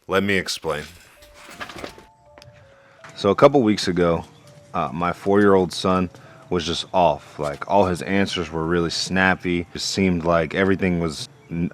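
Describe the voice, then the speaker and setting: A young man, a father, telling a casual vlog story about parenting in a relaxed, conversational way. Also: sits low, moderate pace, faint music behind. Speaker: parent vlogger.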